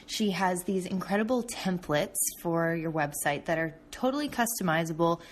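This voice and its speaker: A woman's voice: lowish voice, moderate pace. A young adult woman hosting a podcast, talking in an upbeat, enthusiastic way. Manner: upbeat, enthusiastic, lots of "super". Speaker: podcast host. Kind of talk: casual podcast chat and sponsor read.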